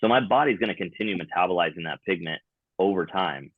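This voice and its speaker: Low-voiced man explaining, phone-thin sound. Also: expressive, fast, husky, dry recording. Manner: explanatory, laid-back, frequent fillers. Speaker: tattoo removal specialist, podcast guest. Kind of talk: casual podcast chat. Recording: dry, phone-like narrow sound.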